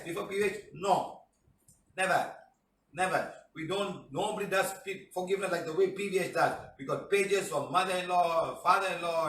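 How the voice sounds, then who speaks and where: High-voiced emphatic male healing teacher. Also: fairly bright tone, a little hiss or hum. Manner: emphatic, repeats phrases, answers questions directly. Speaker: spiritual healing teacher answering questions. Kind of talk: live question-and-answer talk. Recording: roomy sound from a distant mic.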